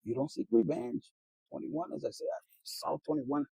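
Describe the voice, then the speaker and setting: A man's voice: a little high, expressive, normal speed, gravelly, warm tone, husky, no echo, poor audio. A man giving a casual tarot reading, preachy and blunt, swearing often and dropping in Spanish slang words. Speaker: tarot reader.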